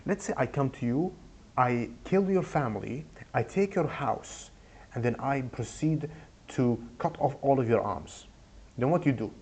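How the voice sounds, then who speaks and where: Goofy husky young man rambling. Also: mid-range voice, lively intonation, a little mellow. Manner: goofy, rambling, deliberately broken English. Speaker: advice vlogger. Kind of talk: casual advice talk.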